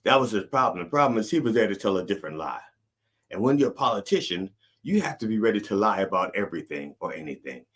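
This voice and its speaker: A man's voice: on the low side, very animated, fast talker, fairly bright tone, slightly rough. A man hosting a comedic sermon-style show, talking in a sardonic, rambling, digressive way. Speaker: host and preacher.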